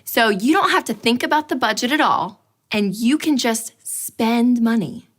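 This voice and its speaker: A woman voicing her easygoing husband, quoting him in a relaxed, reassuring way. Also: fairly high pitch, normal speed.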